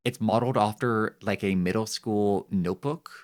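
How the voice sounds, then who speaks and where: A male streamer chats casually into a desk mic while he plays a game. His usual voice sits low. He turns excitable quickly, and his voice leaps up high when something amuses or surprises him.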